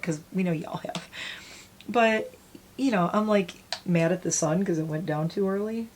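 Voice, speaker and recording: A woman's voice: lowish voice, normal speed, a little hiss or hum. A woman in her forties chatting casually as she does her makeup, rambling and self-deprecating. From United States. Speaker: beauty vlogger. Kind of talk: casual get-ready-with-me chat.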